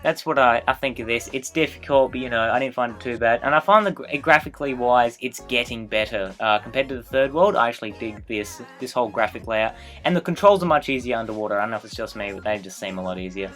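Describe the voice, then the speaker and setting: Male let's-play host, middle pitch, chatty and tangent-prone, soft music bed behind. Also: fast, few pauses. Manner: rambling, excitable, goes off on tangents. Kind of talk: casual gameplay commentary.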